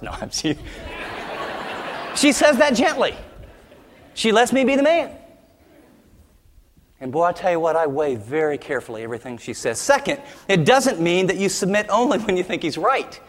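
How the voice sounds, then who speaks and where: High-voiced man preaching in a hall. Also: very animated, moderate pace, long pauses. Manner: emphatic, with humorous asides. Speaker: pastor. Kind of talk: sermon.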